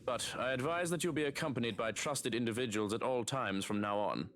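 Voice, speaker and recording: A man voicing a calm, protective male servant who speaks in a measured, businesslike way. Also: mid-range voice, a little hiss or hum, voice pushed down, lightly acted.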